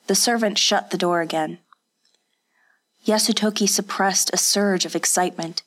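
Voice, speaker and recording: A woman reading an audiobook in steady, scripted narration. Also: medium pitch, moderate pace.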